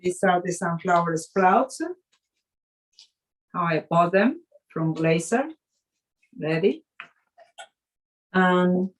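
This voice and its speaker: A woman chef leading a live cooking demonstration, speaking haltingly with fillers and restarts, an English speaker. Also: deep voice, low-quality recording.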